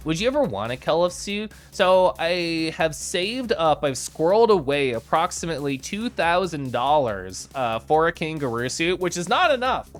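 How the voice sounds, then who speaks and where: A low-pitched woman streams live, bubbly and giggly, her voice swooping up and down as she greets her chat by name. Faint music plays under her talk. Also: very animated, normal speed, few pauses.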